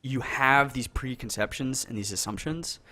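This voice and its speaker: A man's voice: mid-range voice, moderate pace, bright, forceful tone. A man co-hosting a casual podcast over an online call, talking earnestly with many restarts and fillers. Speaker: podcast co-host. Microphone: call microphone.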